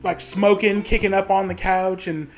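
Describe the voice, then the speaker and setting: A man casually recapping a movie with a co-host, joking and slipping into quick impressions. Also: sits high, steady tone, soft background music.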